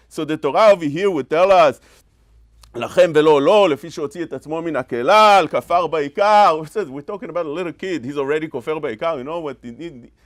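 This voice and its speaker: Animated rabbi with a lively high voice. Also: male voice. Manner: animated preaching, mimics scolding parents, quotes Hebrew rapidly. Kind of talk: sermon.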